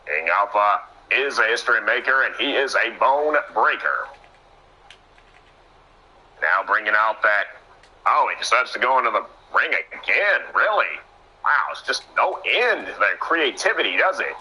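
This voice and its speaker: Bright, excitable wrestling commentator man. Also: moderate pace, breathy edge, poor audio. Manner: excitable, exclamations and sudden pitch jumps. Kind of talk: play-by-play commentary.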